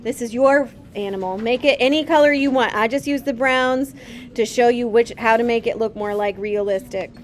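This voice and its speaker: Woman art teacher, slightly high voice, gentle chatty walkthrough of a painting demo in a classroom. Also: normal speed, a little hiss or hum. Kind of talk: painting demonstration.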